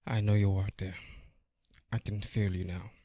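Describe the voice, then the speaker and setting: Low-voiced British man on a podcast. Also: level tone, no echo, clean studio sound. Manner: reciting a film monologue in a low, slow, quiet voice. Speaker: podcast co-host. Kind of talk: casual podcast banter.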